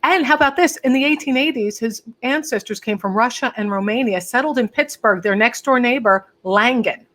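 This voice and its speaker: A woman hosting an interview, chatty and quick to laugh, reading out comments from viewers. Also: fairly high pitch, a bit bright. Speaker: podcast host. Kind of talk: casual interview chat.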